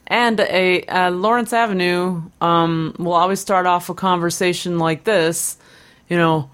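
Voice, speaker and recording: A woman's voice: lowish voice, steady tone, unhurried, a bit bright, smooth. A woman co-hosting a podcast, telling a story casually with many fillers and giggles. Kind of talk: casual chat.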